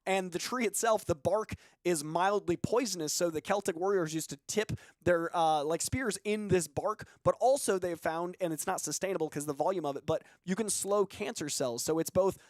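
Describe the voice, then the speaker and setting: Man, from Boston, co-host, casual livestream chat, self-deprecating, higher voice, dry close sound. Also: moderate pace, hardly any pauses, no room sound.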